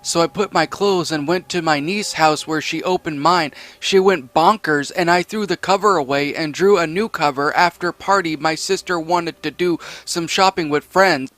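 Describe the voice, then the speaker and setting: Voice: mid-range voice, moderate pace, hardly any pauses, a bit bright. Rambling, sarcastic story reader. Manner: rambling, sarcastic, full of fillers and repeated phrases. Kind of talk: comedic story reading with commentary.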